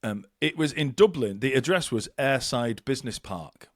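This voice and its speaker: A man co-hosting a podcast, telling lively stories in a casual chat. His pitch swings widely as he acts out quoted lines. The sound is dry and close to the mic. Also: normal speed, dry recording. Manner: animated storyteller, acts out quotes. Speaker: podcast co-host.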